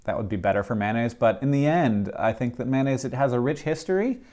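Playful man, lively pitch. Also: fast talker. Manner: playful, rambling with fillers and restarts. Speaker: podcast co-host. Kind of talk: casual chat and host-read ads.

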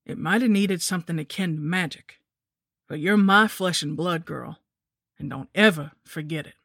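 A woman's voice: on the low side, normal speed, gravelly, fairly bright tone, dry recording. Woman doing a stern old mother, cold, clipped, commanding, dry sound.

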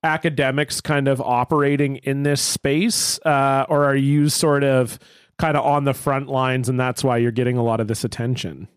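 Man, podcast host, casual and joking, mid-pitched voice, dry close recording. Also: level tone, moderate pace, clean tone, dry recording. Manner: joking, laid-back, asks questions.

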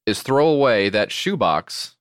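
A middle-aged man co-hosting a podcast, chatting casually in a rambling, jokey, animated way. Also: medium pitch, unhurried, smooth, no room sound, clean studio sound. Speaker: podcast co-host. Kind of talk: casual chat.

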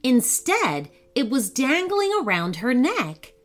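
A woman host reading a sponsor spot and narrating a children's story in a gentle, expressive read-aloud way. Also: high voice, slow, soft background music.

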